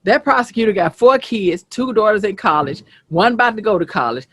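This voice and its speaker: A host from the American South, chatting casually, telling stories bluntly and swearing freely. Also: female voice, medium pitch, a little fast, husky, no echo. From Southern United States. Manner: animated, blunt, swears freely, asks "you get what I'm saying". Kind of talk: casual storytelling chat. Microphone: streaming setup.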